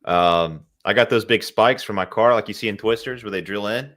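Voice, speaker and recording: A man's voice: fairly low pitch, moderate pace, fairly bright tone. A man co-hosting a casual live stream, laid-back and trailing off with fillers. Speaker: co-host of a movie watch party stream.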